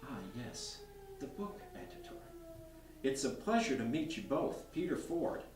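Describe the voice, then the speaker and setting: A man voicing a cool, elegant middle-aged woman with a Russian accent, speaking softly and slowly. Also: fairly high pitch, huge pitch swings, faint music behind, voice pushed up. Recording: roomy bookstore from far off.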